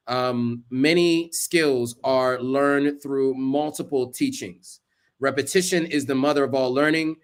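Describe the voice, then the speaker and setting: A man giving earnest, casual advice to camera, listing tips with asides along the way. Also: mid-range voice. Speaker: vlogger.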